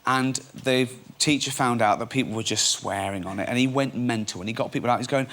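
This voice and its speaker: A man telling lively anecdotes on a studio chat show, acting out other people's voices. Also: medium pitch, fairly quick. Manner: animated storyteller acting out voices. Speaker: guest. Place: TV studio with audience.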